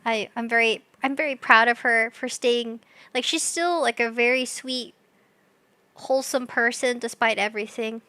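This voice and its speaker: A woman's voice: fairly high pitch, fairly even intonation, moderate pace, bright, forceful tone, no room sound. A young woman streaming live, chatting casually with her chat. She talks in a bubbly, scatterbrained, giggly way.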